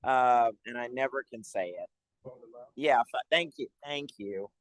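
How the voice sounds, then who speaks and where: A man's voice: mid-range voice, a little slow, dry recording, rough recording. Chatty man giving a meeting update. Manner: chatty, upbeat, stops mid-sentence to find papers. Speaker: city economic development staff presenter. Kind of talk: public board meeting update. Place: city meeting room.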